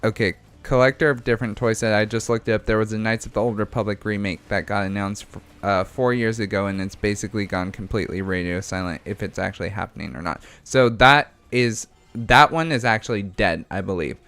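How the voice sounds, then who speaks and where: Laid-back low-voiced man reading chat. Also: fairly even intonation, brisk, fairly bright tone, clean tone, faint music behind. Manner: laughs often, reads chat messages aloud, meandering. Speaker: livestream co-host reading chat. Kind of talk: casual gaming livestream chat.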